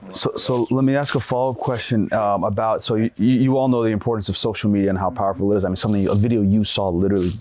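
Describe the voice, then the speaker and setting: A man interviewing a guest, asking brisk follow-up questions. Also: on the low side, fairly even intonation, a little mellow. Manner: brisk, prompting follow-ups.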